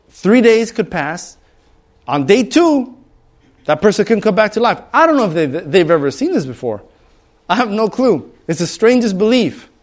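A middle-aged man preaching a sermon in a conversational way, acting out bystanders with humor. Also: sits high. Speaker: pastor.

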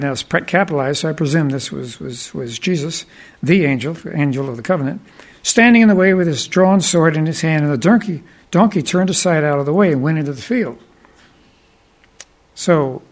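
Man, preacher, sermon, fairly high voice, deliberate, musing asides. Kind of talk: sermon retelling Bible stories.

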